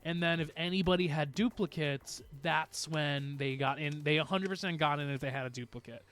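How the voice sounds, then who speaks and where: A man's voice: on the high side, a little fast, fairly bright tone, faint music behind. A man streaming live, chatting casually and rambling to his viewers with frequent laughs.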